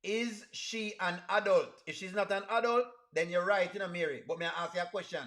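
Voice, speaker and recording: Jamaican male streamer, high bright voice, chatty and questioning. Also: fairly even intonation, fairly quick. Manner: asks the chat rhetorical questions, creole grammar. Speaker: reaction streamer. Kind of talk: casual live reaction commentary.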